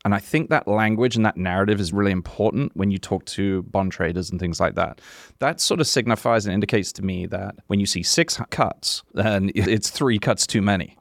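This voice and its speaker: A man's voice: lowish voice, no echo, clean studio sound. A man, a podcast guest talking casually and chuckling between his thoughts.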